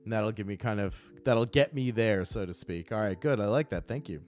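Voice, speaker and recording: A man's voice: fairly low pitch, fairly quick, a little mellow, soft background music. A man hosting a live stream as game master, chatting casually and thinking aloud while explaining his process.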